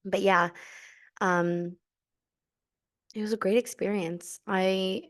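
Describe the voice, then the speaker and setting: A young woman hosting a podcast, telling a personal story in a casual, chatty way with lots of fillers and bursts of excited emphasis. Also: medium pitch, slow pace. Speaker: podcast host.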